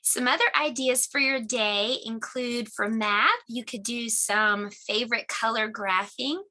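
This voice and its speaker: Bright-voiced homeschool teacher woman. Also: on the high side, steady tone, a little slow. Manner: clear, patient teacher talk with clapping of syllables. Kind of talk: home lesson demonstration.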